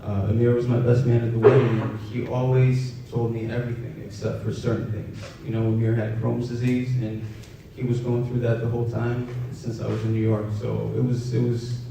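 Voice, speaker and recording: A young man telling a personal story in a halting, soft-spoken way, with many fillers. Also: little pitch movement, gravelly. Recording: roomy, distant, dull with faint rumble.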